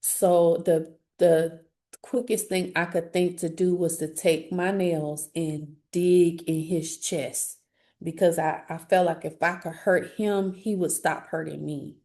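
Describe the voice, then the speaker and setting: A woman with a low, darkly mellow voice tells her own story in an interview. Her delivery is earnest and halting, full of restarts, and a gravelly fry runs through her speech. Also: steady tone. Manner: earnest, halting, grows emotional. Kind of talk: personal testimony.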